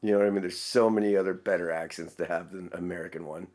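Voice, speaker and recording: A man's voice: sits low, steady tone, fast, a little mellow. A man hosting a casual reaction video, laughing often and rambling between remarks. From Texas.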